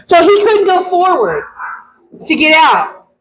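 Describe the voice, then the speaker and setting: Woman dog groomer, high voice, blunt and opinionated in casual chat. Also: very animated, slow pace, low-quality recording.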